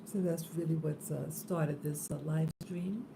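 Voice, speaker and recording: A woman hosting an early morning spiritual live stream, soft-spoken and drowsy, just woken up, talking into a phone held close in a room with an open window. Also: low-pitched, steady tone, a little slow, vocal fry, background noise.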